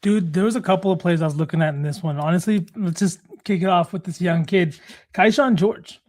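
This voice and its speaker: A man's voice: high voice, brisk, a little mellow. A man co-hosting a sports betting show, breaking down player props in casual analytical chat.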